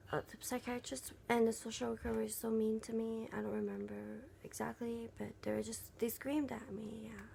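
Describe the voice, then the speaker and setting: Soft-spoken gravelly young woman. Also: fairly high pitch, slight background noise. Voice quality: gravelly fry, often breathy and half-whispered. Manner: soft, halting, many fillers and restarts. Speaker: vlogger. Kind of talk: casual personal venting vlog.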